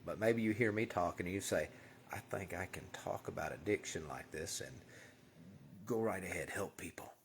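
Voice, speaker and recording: A man's voice: sits low, moderate pace, gravelly, a little hiss or hum. A man giving an earnest, casual spiritual monologue as host, often dropping to a whisper for emphasis.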